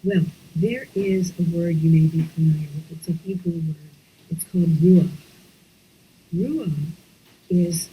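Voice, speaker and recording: A woman teaching a breathwork class online, talking slowly and softly and often dropping into whispers. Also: lowish voice, fairly even intonation, dull audio, a little hiss or hum. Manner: slow, soft-spoken, drifting into whispers. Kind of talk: guided breathing lesson. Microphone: online class, computer mic.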